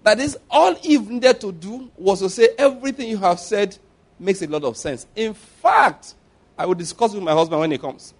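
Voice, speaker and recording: A man's voice: sits high, normal speed. A man preaching a sermon, telling stories with animation and acting out the scenes.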